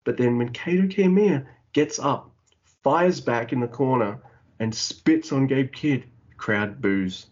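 Male podcast co-host, casual and animated, profane, dull lo-fi mic. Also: mid-range voice, takes it slowly. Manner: animated, swears a lot, acts out wrestlers' lines. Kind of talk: casual wrestling chat.

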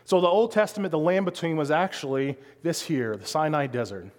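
A man preaches a sermon in a conversational way and keeps asking his listeners questions. His voice sits a little high for a man. The sound carries a long reverb, as in a big hall. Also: fairly quick. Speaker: pastor.

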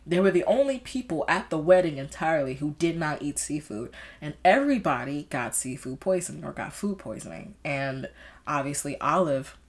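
A young woman chatting casually about books she has read, rambling along with lots of fillers and restarts. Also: low-pitched. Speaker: book vlogger. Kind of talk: casual book chat.

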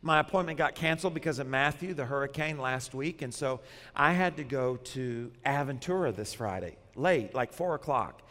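A man who grew up in Arkansas, preaching a sermon in a lively, conversational way with bits of humor. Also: mid-range voice, moderate pace, long reverb tail. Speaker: pastor.

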